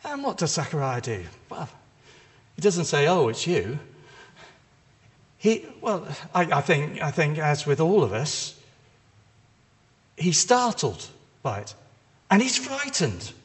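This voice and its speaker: A man preaching a sermon, retelling a story in a lively, conversational way with casual asides. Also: on the high side, slow pace, pauses often. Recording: long reverb of a large hall.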